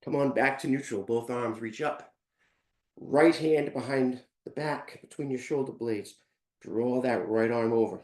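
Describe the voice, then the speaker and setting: Male fitness instructor, winded, unhurried counting and calm cues, echoey room. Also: mid-range voice. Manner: counts reps aloud, calm step-by-step cues. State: out of breath. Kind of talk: live workout class instruction.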